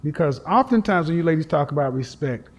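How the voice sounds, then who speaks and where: A man hosting a call-in advice show, asking slow, probing questions in a measured, deliberate way. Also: on the high side, lively intonation.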